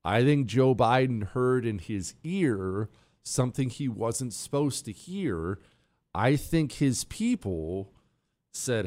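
A man hosting a talk radio show, riffing casually in an animated, sarcastic and self-mocking way. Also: medium pitch, slow.

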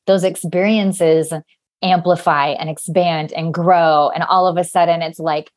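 A woman guest in a casual conversation, talking about spiritual matters with enthusiasm and quick phrasing. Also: lowish voice, steady tone.

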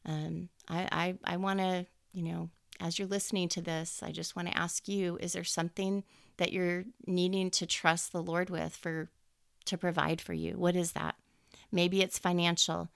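A woman host and teacher chatting casually about faith, animated and leaping up in pitch whenever she quotes someone. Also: moderate pace, creaky, clear, resonant tone, dry recording, clean studio sound. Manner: animated, jumps high when quoting people.

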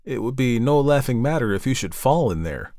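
A man's voice: medium pitch, lively intonation, fairly quick, warm tone, no room sound, clean studio sound, close to an everyday voice. A man reading the part of an earnest young man warning a friend in an audiobook. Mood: serious. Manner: earnest, remonstrating. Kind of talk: audiobook character voice.

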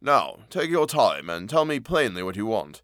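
A man voicing an earnest, good-natured male lawyer who speaks with brisk concern. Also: lowish voice, very animated, fairly bright tone, dry recording, clean studio sound.

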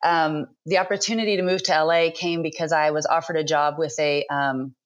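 Soft-spoken thoughtful woman guest. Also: deep voice, fairly even intonation, dull audio. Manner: thoughtful, measured with frequent "um" pauses. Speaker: podcast guest, author. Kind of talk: conversational interview.

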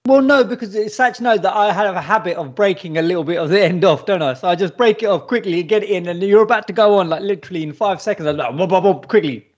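A man on a podcast, quickly defending his own habits with self-deprecating humour. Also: high-pitched, dull audio. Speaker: podcast co-host. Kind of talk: casual podcast banter.

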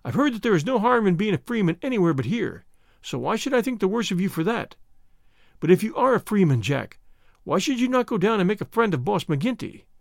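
A man's voice: high voice, very animated, fairly quick, vocal fry, no room sound, studio quality, pitched above the performer's own voice, exaggerated voice. A man reading a story aloud, voicing a frightened young woman who pleads with her lover. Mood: desperate. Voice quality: breathless, imploring.

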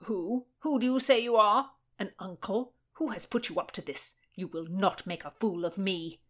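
A woman's voice: mid-range voice, moderate pace, fairly bright tone, lightly acted. A woman voicing a touchy young male nobleman who sputters indignant insults in an audiobook. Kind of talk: audiobook character voice.

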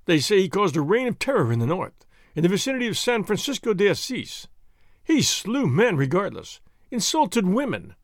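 A man's voice: high voice, very animated, normal speed, no echo, studio quality. A man voicing an arrogant army captain who speaks in a formal, self-assured, boasting way. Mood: scornful.

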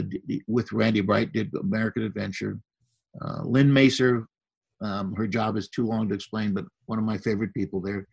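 An older man tells a story with a gravelly, husky voice. He sounds relaxed and conversational, and he slips into the voices of the people he quotes. His pitch sits in an ordinary middle range. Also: low-quality recording. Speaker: podcast guest.

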